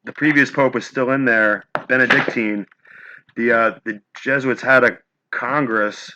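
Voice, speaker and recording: A male host who asks long questions and pauses often to search for his words, recorded on muffled, lo-fi audio. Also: mid-range voice, steady tone, background noise. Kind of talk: interview questions. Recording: dull lo-fi audio.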